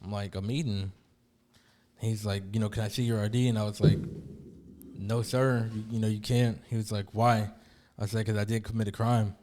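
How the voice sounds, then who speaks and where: A man's voice: fairly low pitch, flat delivery, a little fast, darkish tone, a little hiss or hum. A young man co-hosting a casual podcast, telling a story about a police stop, swearing freely and acting out both sides. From LaPorte area, US. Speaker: podcast host.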